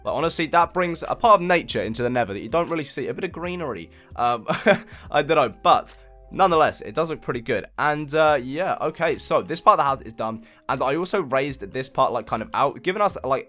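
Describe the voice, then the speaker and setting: A man's voice: medium pitch, expressive, brisk, a bit bright, soft background music. Chatty man narrating a build tutorial. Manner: chatty, rambling, lots of fillers; laid-back, self-mocking. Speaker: game building channel host. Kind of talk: casual gameplay building tutorial.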